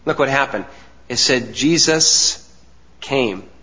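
A man preaching a sermon, with earnest emphasis, deliberate pauses and soft asides. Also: medium pitch. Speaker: pastor. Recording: dull sound with long hall reverb.

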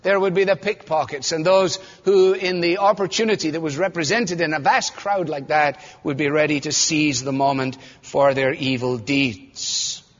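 A man's voice: a little high, fairly even intonation, normal speed, hardly any pauses. A man preaching a sermon, explaining scripture with rhetorical questions and rising to fervent emphasis. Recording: dull muffled sound in a reverberant hall.

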